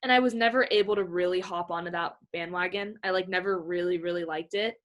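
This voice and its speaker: Young adult woman, excitable podcast guest, gushing and chatty. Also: on the low side, fast talker. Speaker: guest swimmer. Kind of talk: casual podcast interview.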